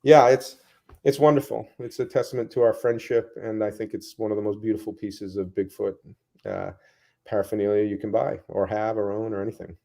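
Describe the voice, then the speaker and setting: A man, a guest in a casual interview, telling rambling, animated stories full of asides. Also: lowish voice, fairly quick, creaky.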